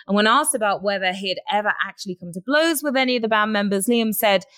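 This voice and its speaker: A woman's voice: medium pitch, quick pace, fairly bright tone, clear, resonant tone, dry recording. An English woman hosts a casual celebrity news chat. Her voice sits in a mid range and sounds dry and close. She reads gossip items aloud, then gives her blunt opinions. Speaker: host.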